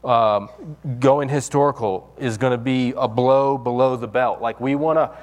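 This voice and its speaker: A male pastor preaches in a loose, conversational way, often restarting his sentences and leaning on fillers. His voice sits at an ordinary middle pitch. A long reverb hangs behind him, as in a church hall. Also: normal speed. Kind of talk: sermon.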